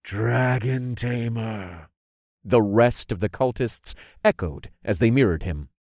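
Lively low-voiced male audiobook narrator. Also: moderate pace, dry recording, clean studio sound. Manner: expressive storytelling, voicing characters' lines. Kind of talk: first-person audiobook narration.

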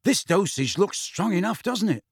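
A man's voice: high voice, lively intonation, normal speed, gravelly, husky, dry recording, clean studio sound, voice pushed up, heavily acted. A man voicing a teasing, smirking teenage prankster boy in an audiobook. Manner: teasing, mock-kindly. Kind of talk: audiobook character voice.

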